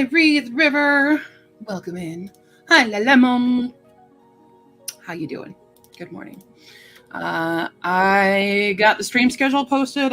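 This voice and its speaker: A woman livestreamer chatting casually with her viewers, rambling and filling pauses with lots of ums and uhs. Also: mid-range voice, a bit bright. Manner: chatty and rambling, with many fillers. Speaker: livestreamer greeting chat. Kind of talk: casual live-stream chat.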